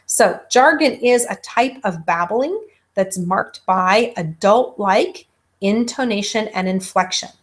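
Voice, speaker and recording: A woman's voice: mid-range voice, slow pace. A woman giving a recorded lecture, with many ums, who stops to act out baby sounds herself.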